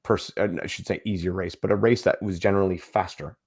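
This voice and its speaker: Gravelly low male co-host, opinionated and plainspoken. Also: steady tone, quick pace, darkish tone. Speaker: podcast co-host. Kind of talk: casual podcast chat.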